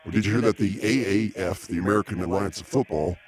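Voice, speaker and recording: A man's voice: sits low, fast talker, very noisy. A man hosting a casual live podcast, dry and meandering, easily exasperated. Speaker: podcast host.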